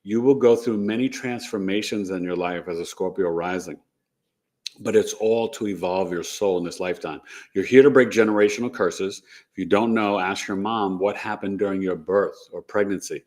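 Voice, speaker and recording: A man with a fairly low voice hosts a relaxed astrology talk. He rambles from point to point and keeps checking in with a quick "right?". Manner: rambling, tags sentences with "right?". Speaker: astrology show host. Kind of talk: casual live-stream talk.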